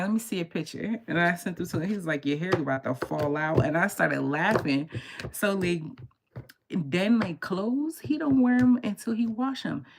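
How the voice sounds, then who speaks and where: A woman's voice: sits low, creaky. A woman livestreaming from home at night, telling a story casually with lots of swearing and laughter, keeping her voice down so she does not wake anyone. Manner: animated, profane, laughing as she tells it; holding her voice down so as not to shout. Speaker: tarot reader and livestream host. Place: home at night with others asleep.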